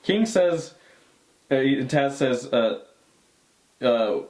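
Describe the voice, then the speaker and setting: Relaxed man plainly recapping. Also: medium pitch, moderate pace. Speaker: podcast co-host. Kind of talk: casual chat recapping wrestling.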